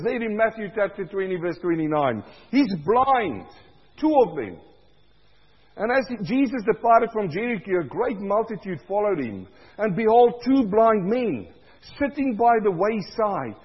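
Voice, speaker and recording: A male pastor preaching a sermon, swinging between loud cries and low, quiet stretches, with a husky voice. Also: big-room sound, muffled recording.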